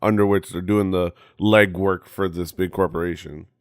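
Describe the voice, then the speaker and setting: A man co-hosting a casual podcast chat, halting with many restarts. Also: fairly even intonation, dry recording, clean studio sound. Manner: halting, many restarts, jumps into high mimicry. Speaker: podcast co-host.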